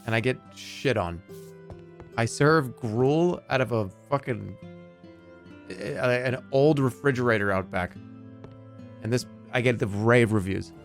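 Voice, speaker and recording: A man streaming a game, chatting casually with his chat in an animated, joking way. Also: mid-range voice, a little slow, pauses often, faint music behind.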